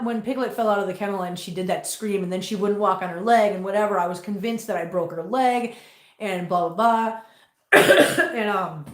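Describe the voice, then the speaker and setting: A woman hosting a casual livestream from home, chatting with viewers and cooing at her cats in a high sing-song voice. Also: echoey room. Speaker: host. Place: home room full of cats. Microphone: laptop mic.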